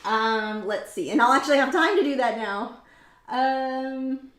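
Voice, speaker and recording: A woman's voice: sits high, unhurried, background noise. A woman hosting a casual art livestream, rambling chattily and reading out viewer comments. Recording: roomy echoey room.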